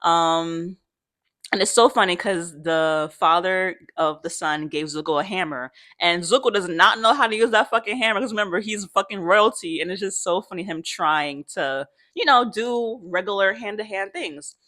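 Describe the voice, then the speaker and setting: A woman's voice: fairly low pitch, normal speed, sharp tone. A young woman vlogger chatting casually, slangy, swearing freely and laughing often. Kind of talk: casual chat.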